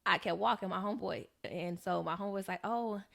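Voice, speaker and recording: Animated young woman telling a story, gravelly. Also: lowish voice, fast talker. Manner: animated storyteller, acts out quoted voices. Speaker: podcast co-host. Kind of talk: casual storytelling chat.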